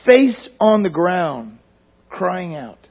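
A man preaching a sermon in a church, speaking emphatically and often sinking to near-quiet at the ends of phrases. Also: sits high, sing-song, drawn-out words, husky. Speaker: pastor. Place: church sanctuary. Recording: dull lo-fi recording.

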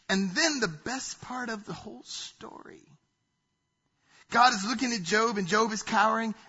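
A man preaching a sermon in a dramatic way, acting out quotes loudly and dropping to hushed asides. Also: high-pitched, slightly rough, lo-fi sound. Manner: dramatic, swings between loud acted quotes and hushed asides. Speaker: pastor.

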